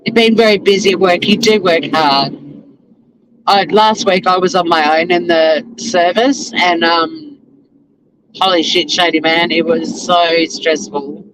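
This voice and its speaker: Casual Australian woman, middle-aged, loose rambling chat from inside a car, with loud road noise behind her. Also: lowish voice, steady tone, unhurried. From Tasmania, Australia. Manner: chatty, rambling, laughs often. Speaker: vlogger. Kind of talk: casual chat while driving.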